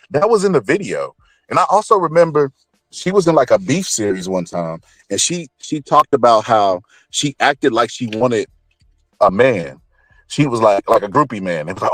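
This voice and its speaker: A man giving blunt, profane, opinionated celebrity commentary in an animated ranting manner. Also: on the low side, normal speed, dry recording.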